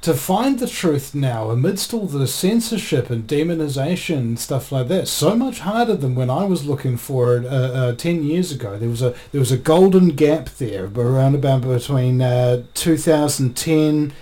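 Guest, male, from New Zealand, warm low tone, halting speech full of fillers. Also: lively intonation. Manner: hesitant, many fillers. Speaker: guest activist. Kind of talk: live stream interview.

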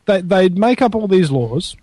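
High-voiced New man joking. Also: expressive, normal speed, warm tone, no room sound. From New Zealand. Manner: joking, crude banter. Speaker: guest. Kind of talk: casual talk show chat.

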